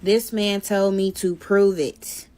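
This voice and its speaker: A woman sits and tells her followers a personal story time. She talks in a casual, blunt way and swears freely as she goes. Her voice sits in a middle pitch. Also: takes it slowly. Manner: blunt, animated retelling with swearing. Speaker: storyteller vlogger.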